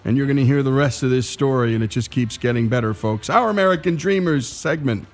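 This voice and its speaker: Male radio host, folksy, talks directly to the audience, mid-pitched. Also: brisk, faint music behind. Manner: folksy, addresses listeners directly. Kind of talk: radio show segment wrap-up.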